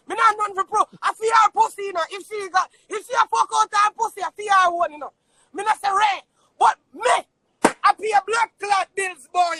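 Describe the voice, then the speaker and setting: A Jamaican man with a very high, bright voice yells and swears through a live-stream argument. He brags loudly into a phone, and the sound is dry and close. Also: brisk, no room sound. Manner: shouting, boastful, swearing.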